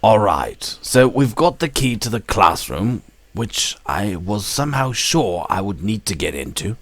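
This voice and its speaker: A man's voice: lowish voice, sing-song, measured pace, fairly bright tone. A man hosting a let's play, musing to himself as he casually comments on his gameplay. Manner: musing, talks to himself while playing.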